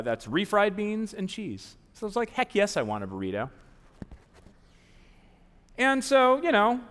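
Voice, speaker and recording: A lively man in his forties from the American South tells a story live on a big theater stage, his pitch rising and falling a lot as he acts out the people in it. His voice sits a bit high for a man. The hall adds a long, ringing reverb. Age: 40s. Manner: animated, self-mocking, acts out quoted people. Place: large theater stage before an audience.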